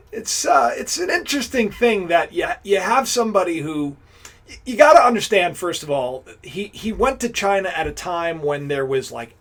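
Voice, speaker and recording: A man's voice: a little high, fairly bright tone. A man hosting a casual live stream, talking straight to his viewers, greeting them and rambling with frequent restarts. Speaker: livestream host.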